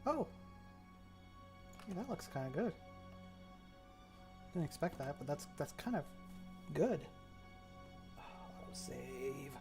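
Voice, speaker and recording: A man's voice: a little high, sing-song, takes it slowly, long pauses, a little mellow, faint music behind. A man thinking aloud in a casual, rambling way as he builds a game map, often trailing off. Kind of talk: casual commentary while working.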